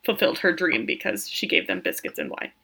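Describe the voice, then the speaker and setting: A woman's voice: big pitch swings, fairly quick, creaky, bright, forceful tone. A woman co-hosting a casual podcast, retelling film scenes and acting out the characters' lines in playful voices with giggles. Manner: acts out characters' lines with big pitch jumps and giggles. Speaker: podcast co-host recapping a film. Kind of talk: casual chat.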